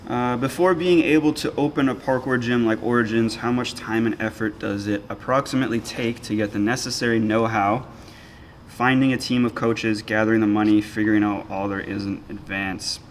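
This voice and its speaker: A man co-hosting a podcast, reading listener questions and answering in a thoughtful, halting way. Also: on the low side, steady tone, a little hiss or hum. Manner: thoughtful, halting, restarts phrases. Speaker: podcast co-host. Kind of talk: casual chat.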